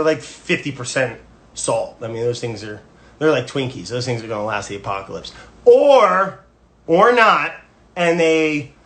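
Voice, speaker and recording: A cooking video host runs a casual livestream from home on his phone. His medium-pitched, slightly bright voice rambles with restless energy, hopping from topic to topic.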